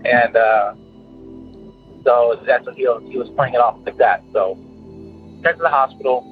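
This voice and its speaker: A man's voice: mid-range voice, moderate pace. A man from Illinois calling into a radio show, telling a story in a rambling way full of "uh" and "anyways". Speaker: caller. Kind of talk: casual storytelling. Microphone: telephone. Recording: tinny phone line with faint music.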